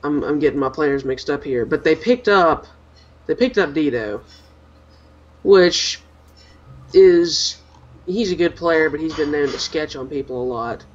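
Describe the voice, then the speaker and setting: A man's voice: a little high, lively intonation, unhurried, long pauses. Opinionated man on lo-fi podcast audio. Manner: rambling, many restarts, opinionated. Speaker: podcast co-host. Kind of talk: casual gaming podcast chat.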